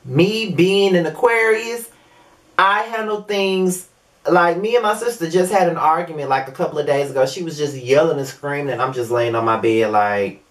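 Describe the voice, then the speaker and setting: A man's voice: a little high, moderate pace. A young man hosting his own video review show, talking casually and animatedly with plenty of swearing and filler asides. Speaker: show host reviewing a reality series.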